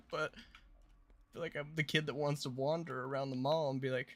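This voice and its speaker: A man's voice: on the high side, fairly even intonation, moderate pace. A man hosting a casual gameplay livestream, chatting playfully and with hype to his viewers. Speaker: streamer and channel host.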